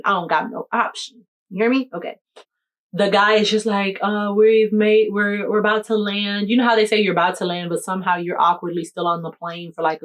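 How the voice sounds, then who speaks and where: Chatty young woman telling a story. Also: fairly low pitch. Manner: animated, addresses the viewer directly with "you hear me?" and "okay, okay". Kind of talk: casual storytime chat.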